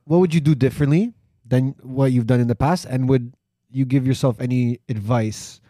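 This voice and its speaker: A man's voice: medium pitch, moderate pace, warm tone, no echo, studio quality. A man hosting a casual podcast, asking questions and laughing along with his guest. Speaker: podcast host.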